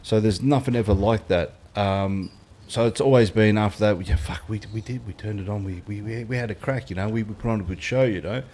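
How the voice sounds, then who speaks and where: A middle-aged Australian man with a fairly low voice tells fight stories in a blunt, sweary way. He drops into quoted lines as he goes, and the chat stays relaxed and unscripted. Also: a little fast. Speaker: guest, former fighter. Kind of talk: casual podcast chat.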